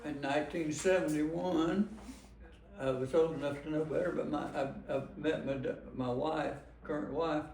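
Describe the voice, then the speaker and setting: A man's voice: fairly high pitch, steady tone, moderate pace, a little mellow. An older man from Arkansas, telling rambling, folksy stories with chuckles and restarts, performing at home for visitors. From Arkansas, USA. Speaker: singer-songwriter performing for visitors. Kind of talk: storytelling between songs. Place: his home. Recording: echoey room, mic from a distance. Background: guitar playing.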